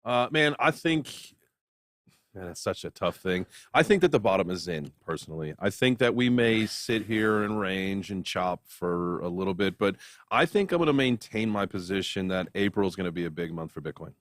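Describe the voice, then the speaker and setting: An easygoing man co-hosting a crypto show with a lowish voice and short, relaxed replies. The sound is dry and close, with no room echo. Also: moderate pace. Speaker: co-host of a crypto news show. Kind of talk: casual chat.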